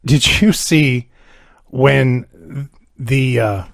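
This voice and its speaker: Male podcast co-host, dry quips, mid-pitched, close dry studio sound. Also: drawn-out words, vocal fry, dry recording. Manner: short dry quips and asides. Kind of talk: casual podcast chat.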